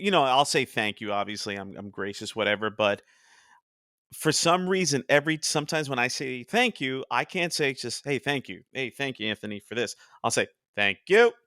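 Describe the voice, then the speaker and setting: A young man from New Jersey hosting a casual podcast chat, chatty and quick to quote cartoon lines in animated voices. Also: mid-range voice, clear, resonant tone, dry recording, studio quality. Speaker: podcast host.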